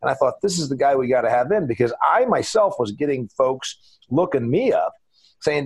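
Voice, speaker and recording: A man hosts a podcast in a folksy, emphatic way. His voice is a little husky, and his pitch rises and falls a lot as he leans into the points he makes. The talk stays casual and chatty. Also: big pitch swings, normal speed, a little mellow. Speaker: podcast host.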